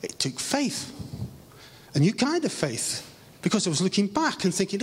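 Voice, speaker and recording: Man, English accent, pastor, sermon, earnest, drawn-out emphasis, long church reverb. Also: high-pitched, sing-song, slightly rough. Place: church hall. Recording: live stream with long hall reverb.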